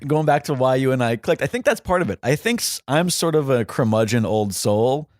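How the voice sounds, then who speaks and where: A man from New York hosting a podcast, animated and fast-talking, chatting casually and laughing often. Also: mid-range voice, no room sound, studio quality. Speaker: podcast host.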